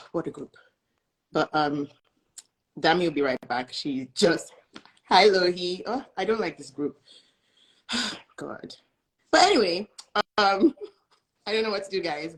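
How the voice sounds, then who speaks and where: A woman guest on a casual live-streamed chat, loud and teasing, talking animatedly. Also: on the low side, lively intonation, measured pace, pauses often, poor audio.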